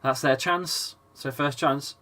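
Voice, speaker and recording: An English man with a chesty, slightly rough voice gives a live football watchalong between coughs, reading chat and calling the play. His tone is bright and forward. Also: mid-range voice, fairly even intonation, measured pace. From England. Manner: chatty, swears, reads chat aloud between play calls. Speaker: football fan streamer. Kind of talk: casual live watchalong commentary.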